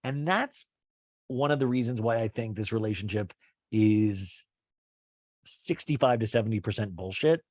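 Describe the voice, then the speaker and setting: A man's voice: fairly low pitch, normal speed, darkish tone, dry recording, studio quality. A young man hosting a comedic podcast, rambling through a reality-show recap in a profane, loose way with lots of "like". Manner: rambling and profane, heavy use of "like".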